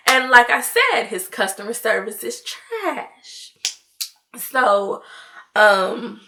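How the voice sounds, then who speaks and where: A woman's voice: on the high side, lively intonation, slow pace, sharp tone. A woman vlogger telling a story in casual chat, with laughing asides to her viewers.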